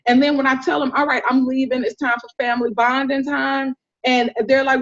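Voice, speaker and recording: A woman doula telling stories in a casual interview, animated and acting out the people she describes. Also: high voice, fast, few pauses. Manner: animated storyteller, acts out voices, laughs often. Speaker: doula, podcast guest. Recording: dull lo-fi sound.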